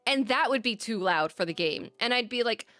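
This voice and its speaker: A woman from Puerto Rico co-hosting a gaming podcast, telling stories in casual chat with lively swearing. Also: fairly high pitch, a little fast. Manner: animated storyteller, swears freely. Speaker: podcast co-host.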